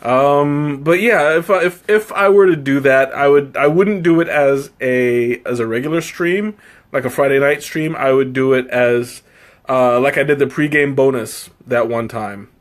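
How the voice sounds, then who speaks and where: Hosting a casual tea-tasting stream, a man talks to viewers in a medium-pitched voice at a moderate pace. He's playful and self-deprecating, rambling, interrupting himself and laughing often.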